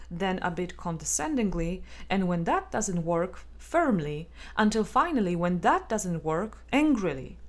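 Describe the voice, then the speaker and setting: A woman narrating a self-help text in a calm, measured and gently instructive way. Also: mid-range voice. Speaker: audiobook narrator.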